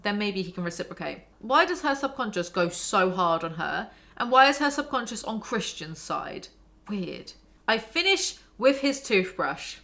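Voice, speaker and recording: A young woman mocking a novel as she reads passages aloud, sarcastic and exasperated and quick to swear. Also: mid-range voice, bright, forceful tone. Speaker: book commentary vlogger. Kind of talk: sarcastic book commentary with read-aloud excerpts.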